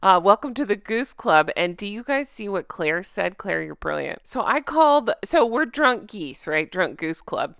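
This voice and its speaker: A woman vlogger talks straight into a close microphone in casual, sarcastic commentary. Her voice is smooth and clear, dry with no room sound, and she stays animated and laughs often. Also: mid-range voice, normal speed, hardly any pauses, no echo. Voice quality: self-described drunk-goose voice.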